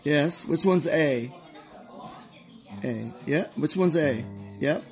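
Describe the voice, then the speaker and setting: A man's voice: on the high side, slow, a little mellow, rough recording. A man playing with his son at a swimming pool, talking patiently, encouraging and teasing him. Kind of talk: casual playful chat with a child. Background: music.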